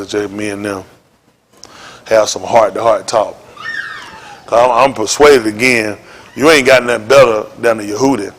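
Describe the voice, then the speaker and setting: A man preaching an informal sermon to his congregation in a folksy, joking way that rises to shouts. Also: fairly low pitch. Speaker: congregation leader.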